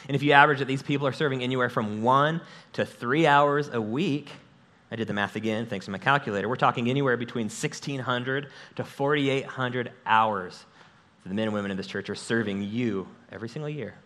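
In a church sanctuary, a pastor with a middle-pitched voice delivers his sermon through a stage microphone, speaking a little fast. He's energetic and conversational, joking with the congregation and thanking his volunteers along the way.

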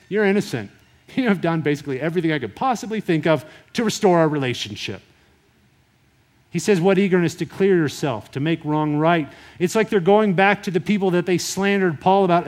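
A man preaching a sermon in a conversational, animated retelling style. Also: high-pitched. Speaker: pastor.

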